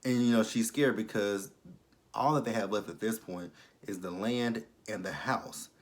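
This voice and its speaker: A man's voice: lowish voice, moderate pace. A man recapping a TV episode in a blunt, exasperated, rambling way, full of fillers. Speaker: TV episode reviewer. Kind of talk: casual recap vlog.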